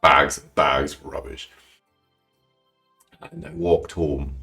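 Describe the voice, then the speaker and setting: Podcast guest: a man with a very low voice, emotional and animated, trails off and restarts often. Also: takes it slowly, creaky, soft background music. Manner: animated, acts out quoted lines with big pitch jumps. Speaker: guest calligrapher. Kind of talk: personal storytelling in a podcast interview.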